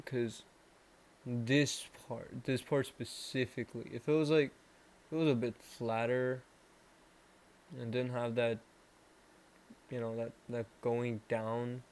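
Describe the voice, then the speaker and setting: A young man with a Canadian accent rambles slowly through a casual vlog. He speaks in a middle pitch, mocks himself, and trails off and restarts his sentences often. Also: darkish tone. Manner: rambling and self-mocking, with many restarts and trailing pauses. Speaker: vlogger. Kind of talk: casual self-improvement vlog.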